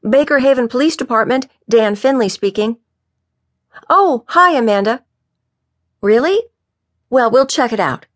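A woman's voice: a little high, lively intonation, measured pace, pauses often, voice pushed up. A woman reading an audiobook voices an eager young male police officer who talks in a chipper, teasing way.

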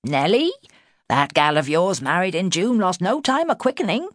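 A woman voicing a fussing, kindly farmer's wife in her sixties with brisk country speech. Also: lowish voice, big pitch swings, no room sound, studio quality, voice pushed up. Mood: gossipy. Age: 60s.

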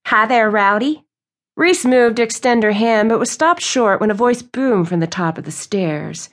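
A woman reading a romance novel aloud as an audiobook narrator. Her storytelling is smooth and even. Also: a little high, moderate pace. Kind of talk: scripted narration.

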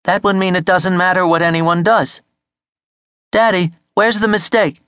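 A man voicing an anxious teenage boy who talks fast and eagerly to keep his father's attention. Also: high voice, fairly even intonation, fairly bright tone, clean tone, no room sound, studio quality, pitched above the performer's own voice. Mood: pleading. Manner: rushed, eager, words tumbling out.

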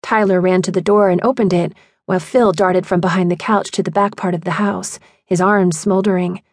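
A woman narrating a first-person audiobook in an emotional, expressive way on a studio mic. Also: lowish voice, fairly quick, no echo.

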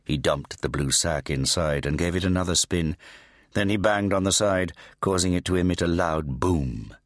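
A man narrating an audiobook in a measured, grave storytelling manner, on a close studio mic. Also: sits low, dry recording. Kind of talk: scripted narration.

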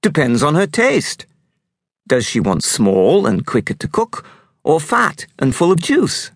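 A man's voice: fairly high pitch, wildly swooping pitch, a little slow, gravelly, husky, dry recording, studio quality, pitched above the performer's own voice, exaggerated voice. A man voicing an eager young island lad who talks in an earnest, coaxing way.

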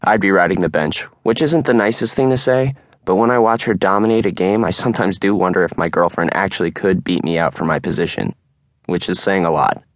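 Young male audiobook narrator, deep and calm, dry close-miked delivery. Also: a little fast, no echo. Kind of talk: first-person audiobook narration.

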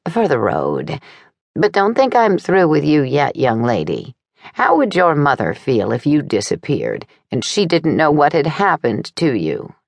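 A woman doing an insistent audiobook mother who won't let go, low and dry. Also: wildly swooping pitch, a little slow, no room sound, exaggerated voice. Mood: scolding. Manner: insistent, scolding. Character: pushy middle-aged mother, dogged.

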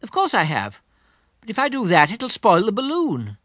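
A man's voice: high voice, wildly swooping pitch, moderate pace, fairly bright tone, no room sound, studio quality, pitched above the performer's own voice, exaggerated voice. A man doing a polite, sensible little boy. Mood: plain. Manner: polite, matter-of-fact. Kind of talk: audiobook character reading.

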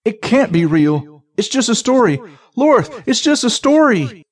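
Man voicing a scared rough-spoken thief. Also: on the high side, big pitch swings, moderate pace, darkish tone, pitched above the performer's own voice. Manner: rough everyday speech, dropped endings. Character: frightened young male thief, coarse-spoken.

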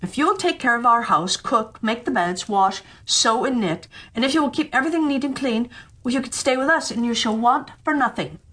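Woman doing squeaky little dwarf men. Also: expressive, fairly quick, a bit bright. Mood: kindly. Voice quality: high, squeaky put-on voices. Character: seven little male dwarf miners, kindly and fussy.

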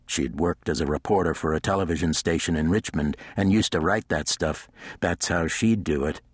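Deep, husky male audiobook narrator. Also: moderate pace, no echo, studio quality. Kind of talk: scripted narration.

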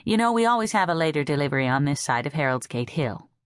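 A woman narrator voicing an excitable, chatty woman cousin who rushes and climbs high when thrilled. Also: no room sound, clean studio sound. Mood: pouting.

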